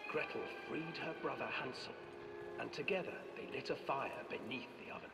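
A man narrating a dark fairy tale in a game and voicing an old witch in a theatrical, drawn-out way. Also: medium pitch, gravelly, close to an everyday voice. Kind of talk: storybook narration with character voices. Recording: roomy distant sound with music.

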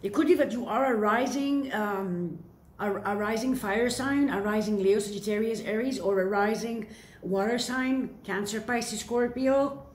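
A woman's voice: mid-range voice, measured pace. A woman giving a casual tarot reading to camera, playful and chatty, often asking rhetorical questions and answering them herself. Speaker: tarot reader. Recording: echoey room with faint hiss.

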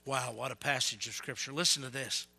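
Man, evangelist sermon, loud and animated, bright piercing tone. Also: mid-range voice, fairly quick, vocal fry, husky. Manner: yells and gets fired up; animated storytelling.

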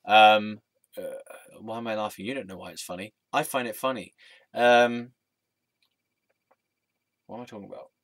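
A man's voice: on the low side, moderate pace, pauses often, fairly bright tone, no echo. A young man rambling in a scattered monologue, often laughing, swearing and losing his train of thought. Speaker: vlogger. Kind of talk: rambling stream-of-consciousness monologue.

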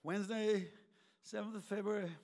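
A man voicing God as a calm, matter-of-fact listener who is gently puzzled by a sinner's guilt. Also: high-pitched, moderate pace, voice pushed down. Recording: long reverb of a large church hall.

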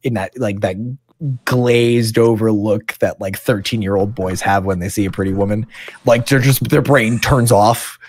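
A man's voice: on the low side, normal speed, no room sound. A man as game master, narrating a tabletop game in a chatty way with lots of fillers. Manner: chatty, animated, many fillers.

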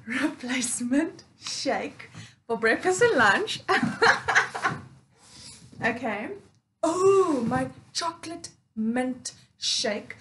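A woman hosting a casual unboxing vlog, talking with excitement, repeating her phrases and using uneven grammar. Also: fairly high pitch, slight background noise. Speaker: vlogger.

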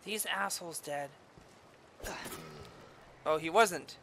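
A woman giving casual gameplay commentary as a let's-play host, sarcastic and profane, with loud outbursts and taunts. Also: lowish voice, takes it slowly, creaky, a little hiss or hum.

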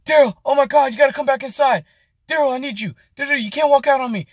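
A man's voice: very high voice, quick pace, no room sound, clean studio sound, voice pushed up. A man voicing a panicked male restaurant manager who begs and pleads frantically. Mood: frantic begging. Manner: begging, frantic, repeats name.

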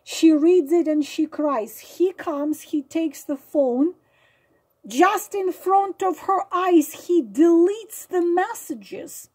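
A woman's voice: very high voice, slow pace, warm tone, poor audio. A woman tarot reader explaining a card through real-life stories, hesitant with many fillers and leaning hard on dramatic words.

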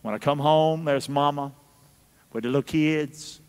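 Man, pastor, high-pitched, folksy call-and-response preaching, long church reverb. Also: measured pace, a little mellow, clean tone. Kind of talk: sermon. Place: church sanctuary.

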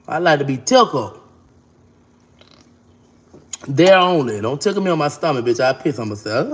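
A woman vlogging casually to camera, talking bluntly and brashly, cursing freely, with an animated, expressive delivery. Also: low-pitched, brisk, long pauses.

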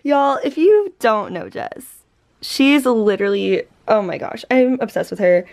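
A young woman vlogging casually, gushing and excitable, often saying "literally". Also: mid-range voice, measured pace, vocal fry. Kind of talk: casual vlog chat. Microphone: compact camera.

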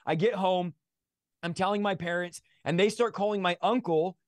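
A man's voice: sits high, fairly even intonation, normal speed, no room sound, studio quality. A man in his thirties, a guest in a livestream interview, telling his testimony with a passionate, preacher-like drive.

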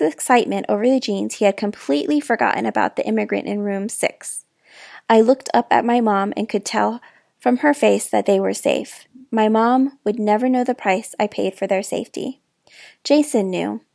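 A woman reading a children's novel aloud in expressive first person, with dramatic hushed moments, close to the mic. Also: medium pitch, vocal fry, no echo. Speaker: storyteller. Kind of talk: children's book read-aloud.

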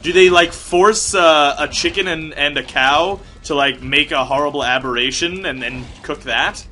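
A man's voice: on the high side, moderate pace, pushed and bright, slight background noise. A man hosting a let's-play, chatting casually while he plays. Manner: chatty, laughing, muttering to himself. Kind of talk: casual gameplay commentary.

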